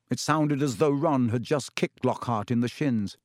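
A man reads a fantasy storybook aloud in a measured, dramatic way, at a middle pitch. The recording is dry, with no room sound around the voice. It suits an audiobook. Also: no room sound. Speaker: audiobook narrator. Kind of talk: scripted storybook narration.

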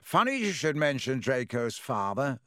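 A man's voice: mid-range voice, big pitch swings, pushed and bright, no echo, clean studio sound. A man doing a smug, hulking teen rival captain. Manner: smug, unhurried delivery. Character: large smug teenage male rival captain.

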